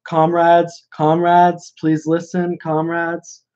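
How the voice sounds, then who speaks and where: Mocking bit: a man putting on a prissy, easily agitated male speaker begging the room for quiet, pitched up, muffled lo-fi recording. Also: completely flat delivery. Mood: fussy pleading. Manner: pleading, prissy, drawn-out delivery. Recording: dull lo-fi sound.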